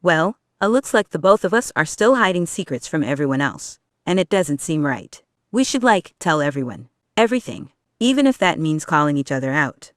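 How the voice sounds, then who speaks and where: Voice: mid-range voice, very animated, moderate pace, few pauses, a bit bright, dry recording, clean studio sound. A reader voicing a big teenage male turtle who talks sternly but not unkindly. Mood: earnest.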